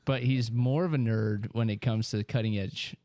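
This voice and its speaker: A man co-hosting a casual podcast, reading quick trivia facts with laughs. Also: fairly low pitch, fairly even intonation, dark tone, no room sound. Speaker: podcast co-host.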